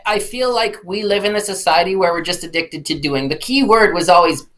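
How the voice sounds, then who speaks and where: A man in his forties with a high-sitting, brisk, slightly bright voice tells stories candidly in conversation, appearing as a podcast guest and keynote speaker. He comes across as earnest and reflective, often restarting his sentences.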